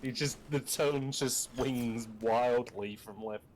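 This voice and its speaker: A man's voice: medium pitch, slow pace. A man chatting casually on a gaming stream, rambling and swearing as he tells stories. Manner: rambling, swears, animated storytelling. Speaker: streamer co-host.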